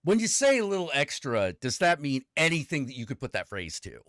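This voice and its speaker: A man's voice: on the high side, sing-song, fairly quick, a bit bright, no room sound. Guy from california chatting, voice goes up and down a lot, dry close sound. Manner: hesitant, restarts, asks questions. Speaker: show host. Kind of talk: casual chat.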